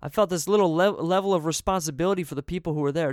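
A man's voice: a little high, fairly even intonation, fast talker, hardly any pauses, smooth, dry recording, clean studio sound. A man casually telling a story in a profane, laid-back way, laughing between sentences and dropping "man" often.

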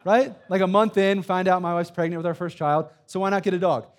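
Thirties male student pastor, emphatic sermon delivery, pitched a bit high. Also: fairly even intonation, brisk. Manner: emphatic preaching with repeated "right?" and a personal story. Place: church sanctuary.

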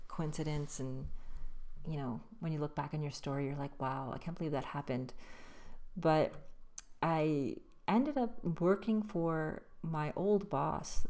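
Low, mellow-voiced woman podcast host. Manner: loose, rambling, frequent restarts. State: slightly losing her voice. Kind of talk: solo casual storytelling.

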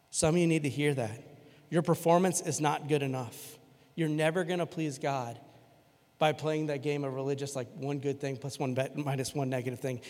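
A man preaching a sermon to his church in a casual, conversational way, switching between loud emphasis and quiet, earnest stretches. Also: fairly high pitch, steady tone, fairly quick. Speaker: pastor. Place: church sanctuary. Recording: long hall reverb in a church.

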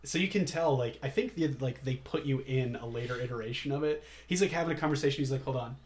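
A man's voice: medium pitch, fast, a little hiss or hum. A man co-hosting a casual movie podcast, laid-back, often laughing and acting out scenes. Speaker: podcast co-host.

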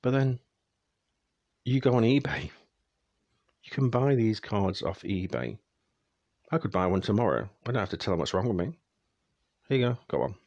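A young man vents to his audience in an exasperated, ranting tone. His voice sits low with a gravelly fry, and it is recorded close and dry with no room sound. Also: animated, normal speed, long pauses, darkish tone, no echo, dull audio. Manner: exasperated, ranting, speeds up when annoyed. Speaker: vlogger. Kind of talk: casual ranting monologue.

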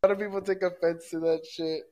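A man's voice: sits high, level tone, quick pace, warm tone. A man co-hosting a podcast in casual chat, throwing in crude jokes. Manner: crude joking interjections. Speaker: podcast co-host.

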